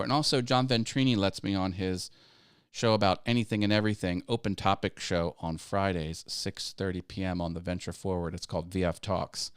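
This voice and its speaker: A man's voice: mid-range voice, clear, resonant tone, no room sound, clean studio sound. A man hosting a casual live stream about growing a video channel, upbeat and chatty, laughing easily and thanking viewers. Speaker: YouTube coaching livestream host.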